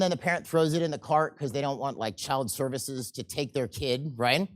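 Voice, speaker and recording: A man teaching a seminar, animated and often checking in with the audience, and acting out quoted people in changing voices. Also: medium pitch, moderate pace, hardly any pauses. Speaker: seminar instructor. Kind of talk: live seminar lecture.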